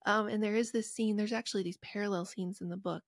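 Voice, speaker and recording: A woman's voice: mid-range voice, steady tone, fast, dry recording, studio quality. A middle-aged woman from rural West Virginia, a guest author on a podcast interview, telling her story in an earnest, heartfelt way with emotional sighs.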